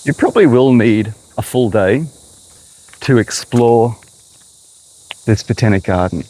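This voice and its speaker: An Australian horticulturist talks straight to viewers in a chatty walking garden tour vlog, strolling outdoors and sounding a little out of breath. His voice is medium-pitched, mellow and a little slow, captured on a low-quality recording.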